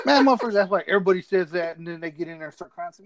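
A man's voice: high-pitched, lively intonation, rapid-fire, rough recording. A man telling a rowdy, profanity-laced story in casual chat.

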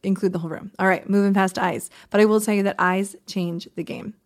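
Woman, confidence coach, podcast chat, animated, demonstrative. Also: medium pitch, a little fast. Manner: animated, demonstrates voice examples, laughs often.

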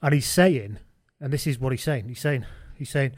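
A man co-hosting a rugby podcast, telling stories in a casual, animated, laughing way and swearing freely. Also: medium pitch, normal speed, dry recording, studio quality. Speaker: podcast co-host. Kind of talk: casual chat, comic storytelling.

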